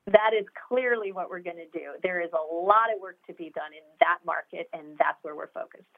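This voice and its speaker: Gravelly-voiced woman founder on a phone line. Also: on the low side, fairly quick. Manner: enthusiastic, explanatory, many fillers. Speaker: startup founder. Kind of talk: interview answers.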